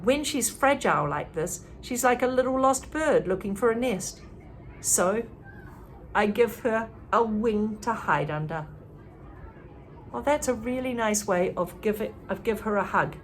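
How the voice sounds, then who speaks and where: A woman reading a novel aloud in a lively way, stopping now and then to comment. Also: mid-range voice, a little slow, a little hiss or hum. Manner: reads in a lively way, stops to comment. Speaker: reader.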